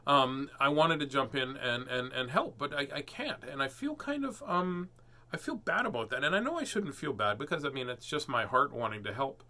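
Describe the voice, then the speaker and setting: A man's voice: medium pitch, expressive, moderate pace. A man hosting a casual livestream before reading children's books, joking, chatting with viewers and laughing often. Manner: playful, jokey, sings silly warm-ups and laughs often.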